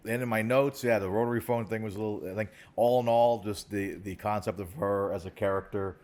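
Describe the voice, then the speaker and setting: Man, podcast co-host, low voice, loose rambling delivery full of "like"s and restarts, casual studio banter. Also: fairly quick. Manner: rambling, many restarts and "like"s, animated asides. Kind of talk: casual chat. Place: podcast studio set in a recording studio.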